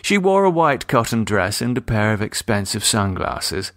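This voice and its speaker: Wry male audiobook narrator, lively pitch. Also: no echo, studio quality. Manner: wry, measured storytelling. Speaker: author and narrator.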